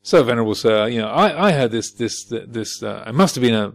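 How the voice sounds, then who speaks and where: Man playing a stubborn king, blustering, halting, gravelly. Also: medium pitch, lively intonation. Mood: indignant. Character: proud, stubborn male king.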